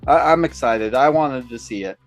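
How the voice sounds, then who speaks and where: A man's voice: mid-range voice, expressive, moderate pace, faint music behind. A man co-hosting a podcast, chatting in an easygoing, hesitant way with plenty of fillers. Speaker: podcast co-host. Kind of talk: casual banter.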